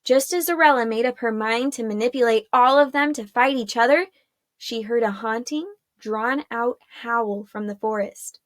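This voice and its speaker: A woman narrating a chapter of a fantasy story in a steady storytelling manner. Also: on the high side, moderate pace, no room sound, studio quality. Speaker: audiobook narrator. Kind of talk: scripted narration.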